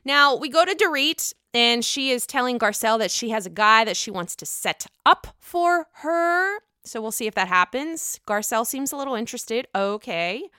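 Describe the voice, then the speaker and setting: A woman's voice: a little high, sharp tone, smooth, no echo, studio quality. A woman casually recapping a reality TV episode in a gossipy, blunt way, swearing freely.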